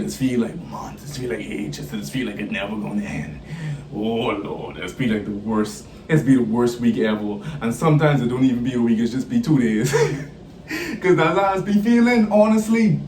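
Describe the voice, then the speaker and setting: Animated young man in a roomy space. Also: slight background noise. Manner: animated, laughing storyteller with swings in pitch. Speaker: vlogger. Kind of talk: casual storytelling. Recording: roomy, from a distance off the mic.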